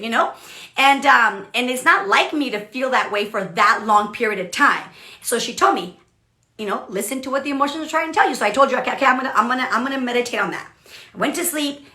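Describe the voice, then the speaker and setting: A woman's voice: a little high, roomy sound. A woman who is a leadership coach, talking casually and bluntly on a livestream and often checking in with "okay?" and "right?". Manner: blunt, animated, keeps asking okay and right.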